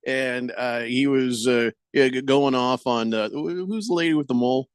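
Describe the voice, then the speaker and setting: A man's voice: medium pitch, moderate pace, clean tone, no echo, clean studio sound. A man hosting a sports radio show, joking and rambling with lots of fillers and restarts. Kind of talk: casual sports talk.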